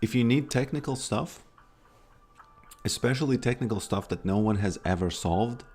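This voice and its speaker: A man's voice: medium pitch, moderate pace, a little mellow. A man chatting casually on a live stream, rambling and hesitant with many restarts.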